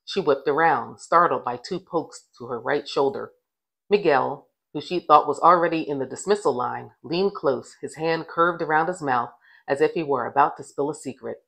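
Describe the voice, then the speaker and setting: A woman, the author, reading a middle-grade novel aloud with gentle, expressive storybook narration. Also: low-pitched, moderate pace, vocal fry, breathy edge, rough recording.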